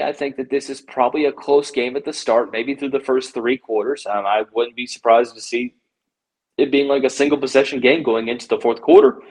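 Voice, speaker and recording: A man's voice: medium pitch, steady tone, a little fast, rough recording. A man hosting a sports podcast, breaking down a basketball game casually with many fillers and self-corrections.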